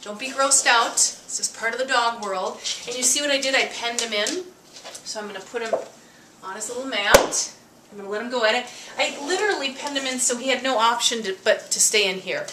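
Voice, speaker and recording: A dog trainer gives an upbeat, chatty demonstration in her kitchen at home, sprinkling in frequent asides as she instructs. Her voice is on the high side and fairly quick, and the recording has background noise, room echo, and a distant mic.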